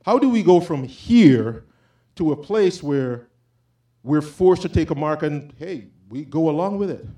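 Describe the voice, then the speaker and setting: A man's voice: on the high side, expressive, measured pace, warm tone. A man giving an informal, impassioned sermon, talking conversationally and quoting scripture. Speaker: preacher.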